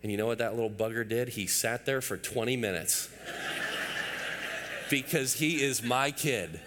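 Male pastor, 30s, mid-pitched, emphatic sermon with storytelling asides, long hall reverb. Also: a little slow, noisy background. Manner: emphatic, builds through repeated phrases.

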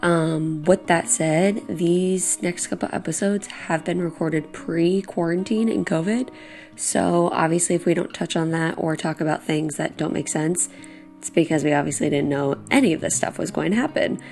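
A woman's voice: fairly low pitch, moderate pace, creaky, darkish tone, faint music behind. A young woman hosting a casual podcast, chatty, laughing often and saying "like" a lot. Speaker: podcast host.

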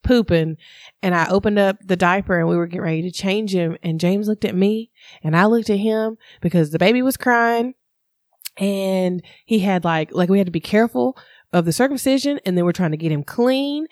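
A woman tells a personal story in a candid, animated way. Her voice sits at an ordinary middle pitch. The sound is dry and close, with no room echo. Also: moderate pace. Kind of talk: casual chat.

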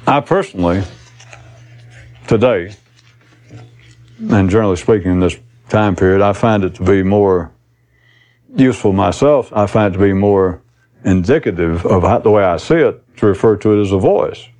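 A man's voice: on the low side, moderate pace, pauses often, darkish tone. A man giving a recorded spiritual talk to an audience, rambling and blunt, swearing casually as he teaches.

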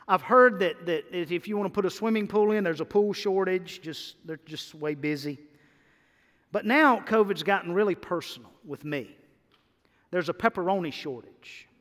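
High-voiced man preaching in a reverberant hall. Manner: energetic preaching, rising to emphatic peaks and dropping to quiet asides. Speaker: pastor. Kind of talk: sermon.

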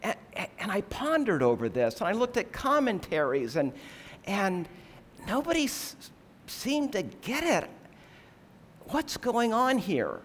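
A man preaching a sermon, explaining scripture in a measured, earnest way and asking rhetorical questions. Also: sits high, huge pitch swings, slight background noise.

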